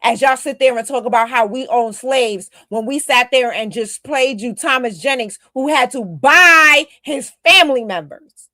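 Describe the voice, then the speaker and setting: A woman's voice: sits high, normal speed, pushed and bright, no room sound. Fiery woman podcast host, dry sound. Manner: emphatic, scolding, talks straight to her critics. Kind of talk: casual commentary.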